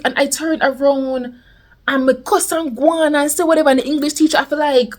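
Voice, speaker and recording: Animated Jamaican woman telling a story. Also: high voice, brisk. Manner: animated, slipping into patois. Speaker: vlogger. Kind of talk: casual storytime.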